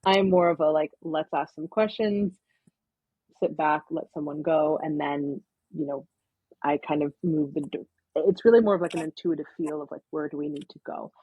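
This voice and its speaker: A woman's voice: deep voice, normal speed, husky, dry recording, phone-quality sound. A woman, a counseling intern, talking in a casual podcast interview, explaining at length with many verbal fillers.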